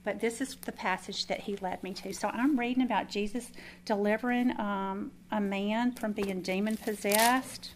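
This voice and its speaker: A woman leading a Bible study, telling a lively personal testimony and then praying. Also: mid-range voice, normal speed, a little hiss or hum. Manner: animated, chatty storytelling with asides.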